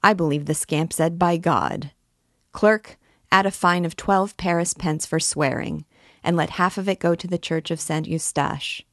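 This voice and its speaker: A woman's voice: on the low side, measured pace, fairly bright tone, dry recording, studio quality. A woman voicing a furious, imperious male judge who scolds and sentences a prisoner. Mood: angry.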